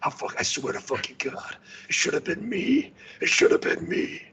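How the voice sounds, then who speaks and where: A man's voice: a little high, sing-song, moderate pace, sharp tone, pitched above the performer's own voice. A man voicing a furious, betrayed male warrior lord in a hissing, strained whisper. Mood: seething.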